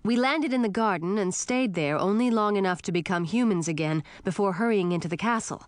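A woman reads a first-person fantasy audiobook, narrating expressively. Her voice is mid-range and brisk, with no echo.

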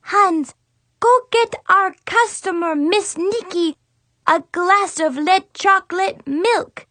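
Lady doing a tiny bossy girl with a terrible fake french accent, sky-high squeaky voice, super theatrical. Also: slow, bright, forceful tone, dry recording, heavily acted. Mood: grand, coaxing. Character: bossy six-year-old girl playing posh salon stylist.

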